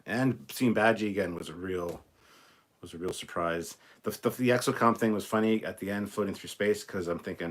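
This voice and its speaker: Deep-voiced British man chatting on a livestream. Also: normal speed. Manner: excited, rambling, many ums and laughs. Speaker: livestream host. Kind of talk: casual livestream reaction chat.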